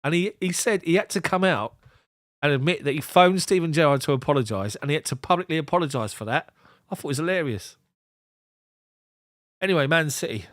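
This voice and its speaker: A man's voice: a little high, fairly quick, pauses often, a bit bright, no echo, clean studio sound. A man doing live ball-by-ball match commentary as a fan streamer, giving clipped play calls broken up by chatty asides.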